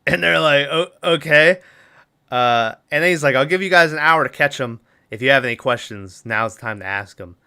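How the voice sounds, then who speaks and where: Man, podcast host, bright voice, casual movie recap, acts out lines. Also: a little high, normal speed, clean tone. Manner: animated retelling with laughs, acts out characters' lines.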